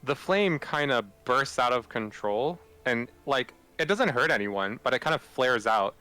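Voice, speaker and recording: A man's voice: medium pitch, animated, measured pace, sharp tone, clear, resonant tone, soft background music. A man narrating as game master in a loose, casual way.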